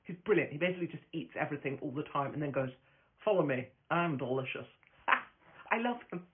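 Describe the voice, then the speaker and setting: A woman's voice: low voice, expressive, fast talker. Brash, foul-mouthed woman on a phone stream. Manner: brash, profane, rambling, laughs often. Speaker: host of a live stream, stand-up comic. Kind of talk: casual live-stream chat. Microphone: phone camera. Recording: tinny phone-quality audio.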